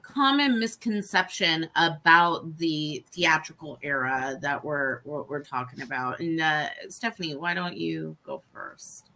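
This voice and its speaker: A woman hosting a casual panel, with a lower but bright voice. She poses questions softly and backs the others with short encouraging replies. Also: expressive, measured pace, few pauses. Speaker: host.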